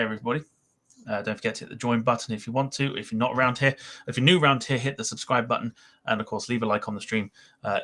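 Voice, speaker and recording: A man's voice: mid-range voice, bright, forceful tone. A man hosting a live aviation podcast stream, chatting loosely with lots of fillers while reading out viewer messages. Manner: chatty, rambling with many fillers. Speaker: podcast host.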